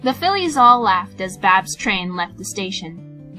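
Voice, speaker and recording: Female storybook narrator, animated and bright, faint music behind. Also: mid-range voice, a little slow, low-quality recording. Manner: animated, expressive reading. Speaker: fanfiction reader.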